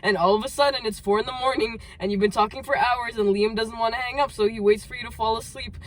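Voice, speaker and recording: Giggly high-voiced young woman reading aloud. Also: steady tone, quick pace, a little hiss or hum. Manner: giggly, breaks off mid-sentence and restarts. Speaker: reader of her old fan fiction. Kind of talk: reading aloud between bursts of laughter.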